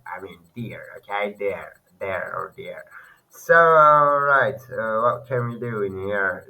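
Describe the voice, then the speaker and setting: A man's voice: fairly low pitch, lively intonation, a little slow, pushed and bright, rough recording. Hesitant man. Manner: hesitant, many fillers and self-corrections. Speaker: language learner teaching online. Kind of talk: casual screen-share lesson.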